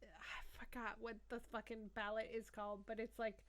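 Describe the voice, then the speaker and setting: A young woman co-hosting a casual podcast chat, excitable and swearing freely with lots of fillers. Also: a little high, moderate pace, no echo. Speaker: podcast co-host.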